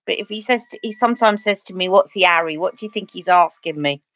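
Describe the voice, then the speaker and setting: A woman's voice: medium pitch, fast talker, fairly bright tone, dry recording. Cockney woman, beauty vlogger, rambling casual chat, mid voice, dry close recording. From East London. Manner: chatty, rambling storyteller. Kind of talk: casual chat during livestream makeup.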